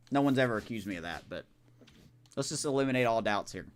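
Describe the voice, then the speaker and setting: A man live-streams a baseball video game, talking to himself in an animated way and reacting with casual exasperation as he plays. His mid-range voice is smooth and fairly quick.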